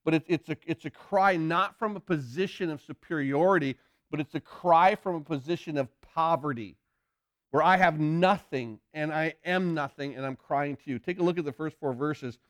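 Earnest, smooth-voiced man preaching a sermon. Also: fairly high pitch, fairly bright tone, no room sound, clean studio sound. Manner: earnest, repeats words while building a point; reads scripture slowly and deliberately. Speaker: pastor.

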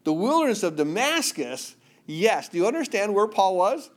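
Dramatic preacher, man, higher voice. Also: big pitch swings, moderate pace. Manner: dramatic, drops to near-whisper for quiet passages; acts out biblical voices, asks listeners "do you understand?". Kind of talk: sermon.

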